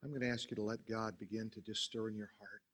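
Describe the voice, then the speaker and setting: A man preaching a sermon from the pulpit, his voice husky and pressed with force. He builds to loud, emphatic lines and then drops low and quiet as he leads the church in prayer. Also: flat delivery, quick pace. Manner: leads the congregation in call-and-response prayer. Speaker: pastor.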